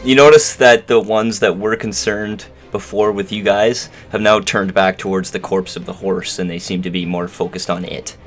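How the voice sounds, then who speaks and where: A man's voice: on the low side, steady tone, normal speed, few pauses. A man acting as game master for a tabletop game, describing the action and explaining rules in a casual way with plenty of fillers.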